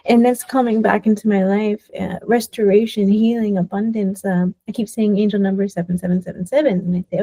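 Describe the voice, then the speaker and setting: Mellow-voiced woman hosting a spiritual circle. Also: mid-range voice, fairly even intonation, moderate pace, husky, no echo, low-quality recording. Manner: affirming, declarative, slips into whispers. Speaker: host of a spiritual gathering. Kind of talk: casual spiritual talk.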